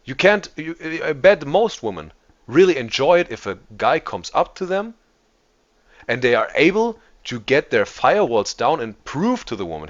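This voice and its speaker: A man's voice: medium pitch, sing-song, moderate pace. Male host, casual reaction commentary, stammers and restarts a lot, dull lo-fi recording. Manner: repeats and restarts words often.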